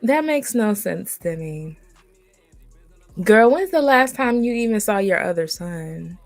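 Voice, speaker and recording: A woman's voice: medium pitch, expressive, measured pace, soft background music. A woman giving sassy, sarcastic reaction commentary, speaking straight at the person she is reacting to. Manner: sassy, sarcastic, addressing the subject directly.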